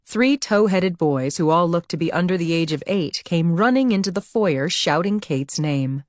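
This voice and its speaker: A woman narrating an audiobook with even, measured storytelling. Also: on the low side, no echo, studio quality. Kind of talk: scripted narration.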